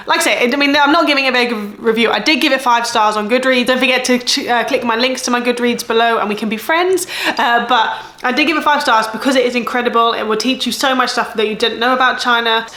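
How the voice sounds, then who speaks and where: A woman's voice: on the high side, fast, hardly any pauses, bright, forceful tone, reverberant. A woman in her thirties with an English accent, chatting casually about her month of reading, rambling and correcting herself as she goes. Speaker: book vlogger. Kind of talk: casual chat.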